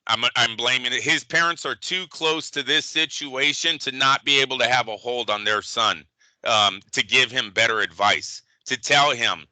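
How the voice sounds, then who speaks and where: Loud bright-voiced guy on a fight podcast, swears a lot, very dry close sound. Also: mid-range voice, normal speed, no echo, low-quality recording. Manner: animated, profane, emphatic. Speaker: boxing podcast co-host. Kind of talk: casual sports chat.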